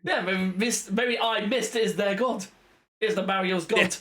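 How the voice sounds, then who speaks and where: A man's voice: high voice, a little slow, fairly bright tone. A British man co-hosting a casual podcast, joking and teasing, with his voice coming over a noisy line. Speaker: podcast co-host. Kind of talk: casual chat.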